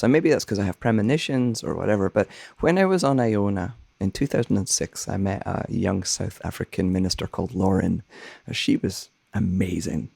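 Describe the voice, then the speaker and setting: A man's voice: low voice, vocal fry, darkish tone, husky, no echo. A man who is a minister and songwriter, talking thoughtfully and earnestly in a soothing, scratchy voice, sometimes searching for words. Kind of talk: reflective conversation.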